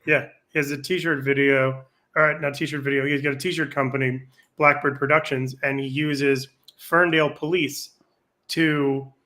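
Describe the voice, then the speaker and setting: A man's voice: mid-range voice, level tone, a little slow, sharp tone. A man telling a rambling story as a guest on a podcast, casual and profane.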